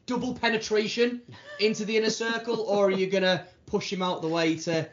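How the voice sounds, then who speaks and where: A man's voice: sits high, little pitch movement, brisk. A man hosting a comedy podcast with a teasing, showy announcer delivery. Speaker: podcast host. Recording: dull lo-fi sound.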